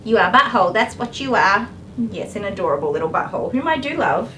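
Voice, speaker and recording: A woman groomer talks through a live stream while she works on a dog. She snaps short firm commands at the dog, then explains her handling to viewers in an easy conversational way. Electric clippers buzz clearly behind her voice, and her pitch sits in a normal middle range. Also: expressive, fast, fairly bright tone, slight background noise, low-quality recording.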